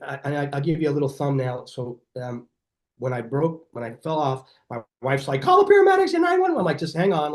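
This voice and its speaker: A middle-aged man, a chiropractor being interviewed on a podcast, telling stories in an energetic, animated way and acting out what people said. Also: mid-range voice. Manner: energetic, animated storyteller who acts out quoted dialogue. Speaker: chiropractor guest.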